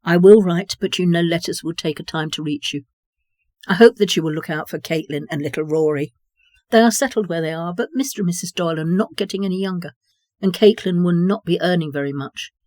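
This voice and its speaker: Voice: medium pitch, fairly quick, darkish tone, dry recording, clean studio sound, lightly acted. A reader voicing a polite, hopeful young man in an audiobook story. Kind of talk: audiobook reading.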